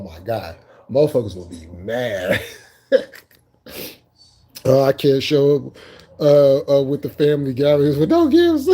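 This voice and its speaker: Giggly, mellow-voiced man streaming live. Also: fairly high pitch. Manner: laughs constantly, loose and profane banter; repeats phrases, talks to chat viewers by name. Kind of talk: casual live stream chat.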